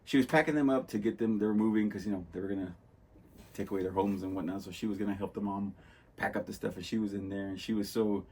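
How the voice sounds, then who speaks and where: A man's voice: lowish voice, fairly even intonation, quick pace, a little mellow, a little hiss or hum. A man hosting a podcast, chatting casually and rambling through movie stories, acting out lines in a loose, laid-back way. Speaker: podcast host. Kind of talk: casual chat about movies.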